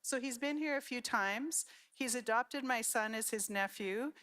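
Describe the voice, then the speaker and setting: A woman's voice: a little high, measured pace. Storytelling woman at a conference. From Saskatchewan, Canada. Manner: storytelling, animated quoting of relatives. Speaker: conference speaker. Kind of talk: conference talk with personal stories.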